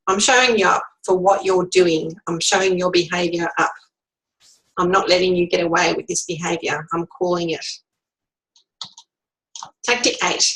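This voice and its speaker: A woman presenting a recorded lesson, explaining tactics calmly and acting out sample phrases. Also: medium pitch, rough recording. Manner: calm, instructive, acts out sample phrases. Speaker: workplace trainer. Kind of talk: recorded lecture.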